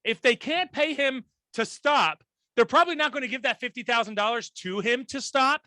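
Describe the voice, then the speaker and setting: A man co-hosting a casual podcast chat, animated and blunt, swearing and laughing often. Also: very high-pitched, moderate pace, dry recording. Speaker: podcast co-host.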